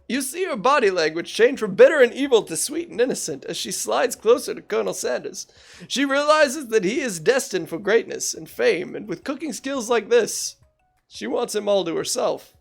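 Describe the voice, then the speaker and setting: A young woman streamer reading a dating game aloud in a playful, animated way, with casual asides. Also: a little high, normal speed, gravelly, soft background music.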